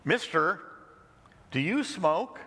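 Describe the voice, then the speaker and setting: A man's voice: sits high, sing-song, slow, a bit bright, pitched above the performer's own voice, exaggerated voice. A man voicing a blunt little girl with a disability who asks strangers plain questions. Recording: long hall reverb.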